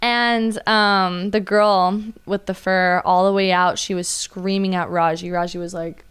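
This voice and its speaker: A young woman chats and tells stories with a smooth, clear voice at a middle pitch. She jumps into other people's voices as she quotes them, going high and animated. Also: unhurried. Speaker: podcast guest, waitress. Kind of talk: casual storytelling chat.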